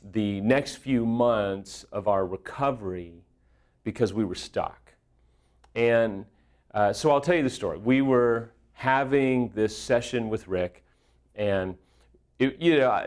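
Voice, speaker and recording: A man's voice: fairly low pitch, a little mellow. Earnest man telling a candid personal story. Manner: earnest, candid, self-deprecating. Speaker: affair recovery speaker. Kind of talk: personal story told to viewers.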